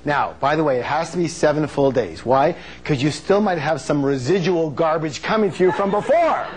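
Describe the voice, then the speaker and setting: A man's voice: fairly high pitch, lively intonation, moderate pace, a little hiss or hum. A man with a slightly raised voice leads a live motivational seminar. He speaks emphatically, stacks repeated phrases and peppers the talk with jokes. He keeps quizzing the audience and has them call answers back.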